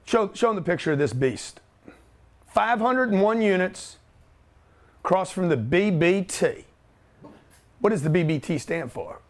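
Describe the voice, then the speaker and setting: Brief: middle-aged host, high-pitched, brash, joking, slangy. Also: male voice, expressive, measured pace, pauses often. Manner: loud, joking, pushy, slangy. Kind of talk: energetic office talk to camera.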